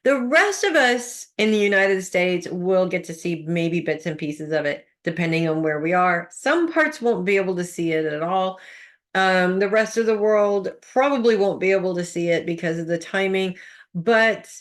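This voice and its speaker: A woman's voice: on the low side, lively intonation, normal speed. A woman psychic talking through a weekly horoscope in a chatty, rambling way, with lots of fillers and restarts. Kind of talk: casual spoken horoscope reading.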